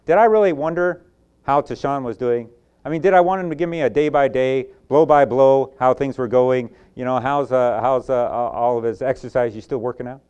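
A man with a Southern US accent delivers a sermon from the pulpit at an ordinary middle pitch. His voice swells on emphatic lines, then sinks low and quiet to press a point home. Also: normal speed, clean tone, lo-fi sound. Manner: preaching with rising emphatic peaks and soft drops. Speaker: pastor.

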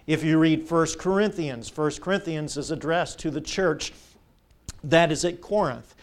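A male pastor delivers a Bible sermon in a high voice. He draws the congregation in with call-and-response questions and keeps asking them to turn pages "if you would please.".

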